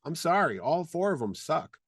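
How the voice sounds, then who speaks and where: A man's voice: a little high, very animated, moderate pace, breathy edge, no room sound. A man co-hosting a podcast, chatting casually and ranting with strong opinions. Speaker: podcast co-host. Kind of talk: casual chat.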